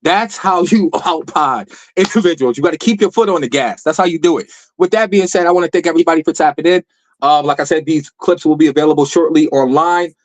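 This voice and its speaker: A man hosting a podcast, signing off in a hyped, slangy way and reeling off shout-outs. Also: fairly high pitch, fast talker, poor audio. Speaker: podcast host. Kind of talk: casual podcast sign-off.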